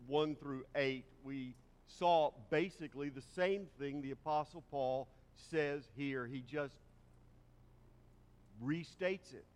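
A man's voice: a little high, clear, resonant tone. A middle-aged man preaching a sermon as pastor, shifting his pace and volume for emphasis. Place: church sanctuary. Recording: long hall reverb.

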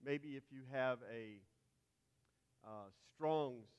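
A man's voice: medium pitch, slow pace, clean tone, dull audio. Man lecturing in a reverberant hall. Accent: Texan. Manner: spells out terms letter by letter. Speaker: Bible teacher. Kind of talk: classroom lecture.

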